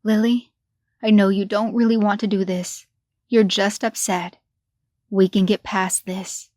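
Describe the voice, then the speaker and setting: A woman's voice: medium pitch, flat delivery, a little slow, a little mellow, no echo, clean studio sound, close to an everyday voice. A woman voicing a desperate middle-aged mother in a horror story reading, pleading and strained.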